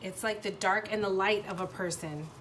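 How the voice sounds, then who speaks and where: A woman giving a pick-a-card tarot reading to viewers, thinking aloud in a halting way, restarting sentences as she searches for words and swearing freely. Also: mid-range voice, steady tone, a bit bright, a little hiss or hum. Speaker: tarot reader.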